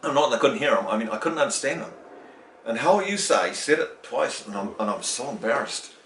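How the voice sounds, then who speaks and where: A middle-aged man from New Zealand in a casual interview, telling a story and acting out the quoted voices with lively emphasis. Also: mid-range voice, fast talker, a little hiss or hum. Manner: animated, acts out quoted dialogue, many restarts. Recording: roomy, distant from the mic.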